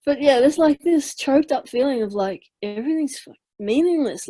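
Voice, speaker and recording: A woman with a mellow, warm voice shares her experience in a dialogue with her teacher. She is choked up. She halts often and searches for her words. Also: high voice, expressive, low-quality recording. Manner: halting, searching for words, many fillers. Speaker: questioner. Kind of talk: personal sharing in dialogue.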